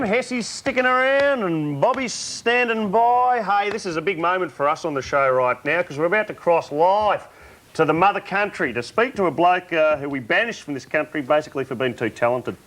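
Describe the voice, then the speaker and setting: A man's voice: high-pitched, fairly bright tone. An Australian man hosting a TV talk show, jokey and laid-back.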